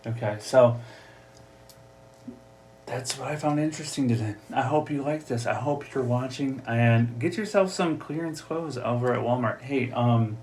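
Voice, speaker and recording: Broadcasting live from his home office on a desk mic, this solo podcast host has an Upper Midwest American accent. His medium-pitched voice has a darkish tone and a moderate pace, with a little hiss or hum. He's talkative and jokey, doing voices for laughs.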